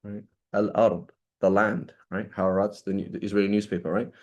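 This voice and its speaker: A man's voice: fairly low pitch, little pitch movement, moderate pace, dull audio. A man teaching a class in a casual, chatty way, often checking in with students and asking them questions. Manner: casual, checks in with "right?" constantly. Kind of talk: classroom lecture.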